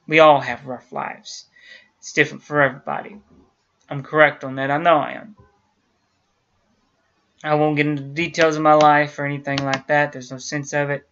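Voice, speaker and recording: Earnest man with a bright voice. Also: a little high, little pitch movement, moderate pace, pauses often. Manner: earnest, talks straight to viewers. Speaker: YouTube channel host. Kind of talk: casual talk to camera. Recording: dull lo-fi sound.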